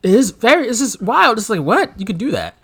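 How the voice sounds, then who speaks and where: A man's voice: sits high, a little fast, husky. A man co-hosting a casual wrestling podcast, telling stories with laughter and acted-out quotes. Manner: animated storyteller, laughs often, acts out quotes. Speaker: podcast co-host.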